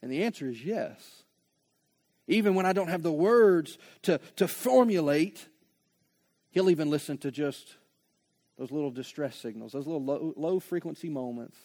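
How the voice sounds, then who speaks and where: A man preaching a sermon with passion, moving from hushed reflection to loud, rising appeals. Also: a little high, expressive, moderate pace. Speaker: pastor.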